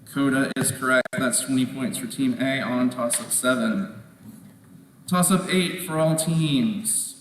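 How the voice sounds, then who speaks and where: Male quiz moderator, measured and methodical, in a big roomy hall with a distant mic. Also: mid-range voice. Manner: measured, repeats questions and rules on answers. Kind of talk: reading quiz questions aloud. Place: large indoor competition hall. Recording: echoey hall from far off, faint noise.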